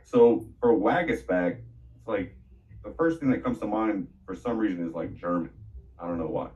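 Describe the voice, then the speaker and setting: A man's voice: lowish voice, moderate pace, darkish tone. A man in his thirties interviewing a guest on his podcast, casual and teasing with jokes, heard through lo-fi screen-recorded audio.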